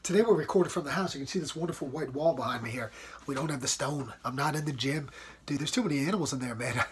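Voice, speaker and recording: A man's voice: mid-range voice, quick pace, a little hiss or hum. Laid-back chatty man hosting a podcast. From United States. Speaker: podcast host. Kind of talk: casual solo podcast talk. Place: at home in front of a white wall.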